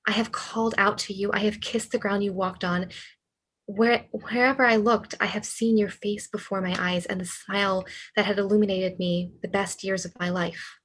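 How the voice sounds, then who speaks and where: A woman's voice: medium pitch, fairly even intonation, moderate pace, fairly bright tone, lightly acted. A woman reading the part of a despairing, lovesick young male writer in a cold reading over a video call, with earnest, pleading delivery. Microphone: computer mic on a video call.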